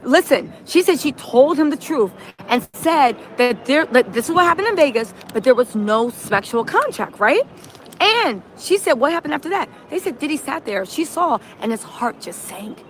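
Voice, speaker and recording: A woman hosting a reaction livestream, recapping events in animated storytelling, acting out quotes and often asking "right?". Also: high voice, moderate pace, slight background noise. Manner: punctuates with "right?". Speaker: streamer host.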